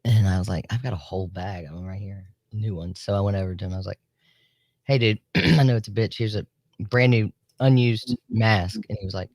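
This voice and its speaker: A woman, co-hosting a radio show and telling a story in a chatty, lively way, acting out what people said. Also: extremely low pitch, a little fast, no echo. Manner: chatty, animated storyteller who acts out quotes. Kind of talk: casual storytelling on morning radio. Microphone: studio mic.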